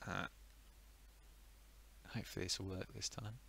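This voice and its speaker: A man's voice: sits low, flat delivery, moderate pace, creaky, heavy background noise. A man streaming retro computer games, chatting casually with sardonic, muttered asides. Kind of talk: casual live-stream commentary.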